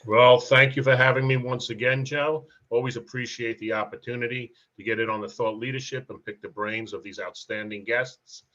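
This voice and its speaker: Bright-voiced cohost man on a dull line. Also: medium pitch, steady tone, moderate pace, few pauses. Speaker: podcast cohost. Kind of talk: casual banter.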